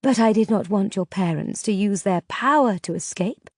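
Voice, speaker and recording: A woman reader voicing a powerful sorceress who speaks slowly and calmly. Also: medium pitch, no room sound, lightly acted. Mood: cool. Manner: slow, calm, measured. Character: calm, cold, powerful older sorceress.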